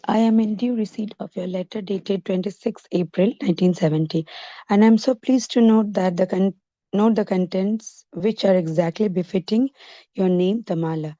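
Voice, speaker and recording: Lady reading a letter out loud for the group, steady, dry muffled audio. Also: medium pitch, dry recording. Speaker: volunteer reader. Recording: dull lo-fi dry recording.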